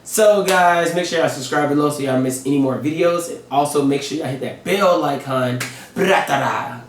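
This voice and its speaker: A man's voice: fairly high pitch, fairly quick, recorded from a distance, slight background noise. A man hosting a reaction video, talking in a laid-back, slangy, joking way. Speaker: reaction channel host. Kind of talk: casual chat. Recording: roomy, a bit off-mic.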